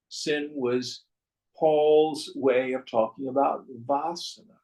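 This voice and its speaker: Slow gravelly-voiced male spiritual teacher. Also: medium pitch, fairly even intonation, darkish tone, low-quality recording. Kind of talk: slow scripture commentary talk.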